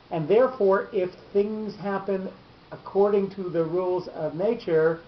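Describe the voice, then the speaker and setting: A man's voice: high voice, highs cut off. Patient man teaching in an echoey room. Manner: patient, explains step by step with restarts. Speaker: Torah teacher. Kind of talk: classroom lesson on cantillation.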